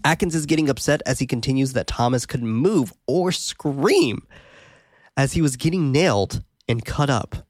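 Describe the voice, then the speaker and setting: A man's voice: medium pitch, animated, moderate pace, dry recording. A man casually recapping a horror movie for a podcast, laid-back, with fillers and laughs. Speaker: podcast host.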